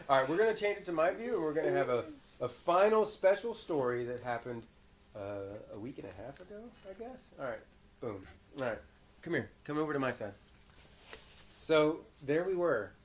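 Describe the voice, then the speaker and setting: A man hosting a casual chat with his young son, telling stories in an animated way and laughing often. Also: on the high side, normal speed, slight background noise. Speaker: podcast host and father.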